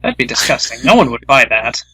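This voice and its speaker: A young man chatting as a guest, giving blunt, deadpan retorts. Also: mid-range voice, a little fast, breathy edge, rough recording. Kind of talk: casual chat.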